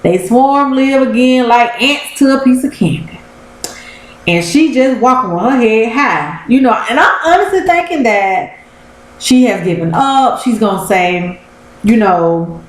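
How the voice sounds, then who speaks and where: Animated woman recapping TV, roomy echo. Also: a little high, slow. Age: 30s. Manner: animated storyteller, talks straight to viewers. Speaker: TV episode reviewer. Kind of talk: casual recap vlog. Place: room at home.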